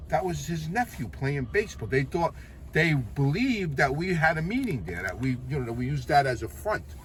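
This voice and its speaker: A man's voice: fairly high pitch, sing-song, normal speed, a little hiss or hum. A man with a New York accent telling stories from his past in a blunt, profane, streetwise way. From Queens, New York. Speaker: storyteller recounting his past. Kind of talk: casual anecdotal storytelling.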